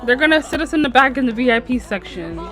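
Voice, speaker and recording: A woman's voice: high voice, lively intonation, fast, music in the background. A young woman casually narrating her gameplay, voicing the characters in a slangy, chatty way with "she's like" quotes. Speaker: gameplay streamer. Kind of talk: casual let's-play narration voicing sims.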